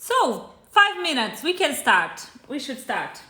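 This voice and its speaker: A woman with a Brazilian accent chats her way through a live cooking stream at a slow, easy pace, greeting viewers by name. Her voice is bright and a little high. The room has a noticeable echo. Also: very animated. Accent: Brazilian Portuguese. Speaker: cooking show host. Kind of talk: casual live-stream chat.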